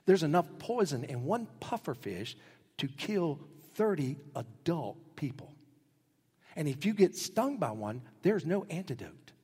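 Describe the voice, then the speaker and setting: A middle-aged male pastor preaching a sermon, telling stories animatedly and acting out quotes with sudden jumps in pitch. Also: very animated, unhurried, a little mellow. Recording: husky voice with long hall reverb.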